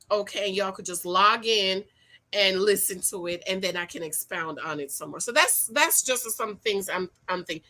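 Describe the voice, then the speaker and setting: A middle-aged woman hosting a casual livestream about dating, reading viewer comments, animated and repeating her points in slang. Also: mid-range voice. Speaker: livestream host and dating coach.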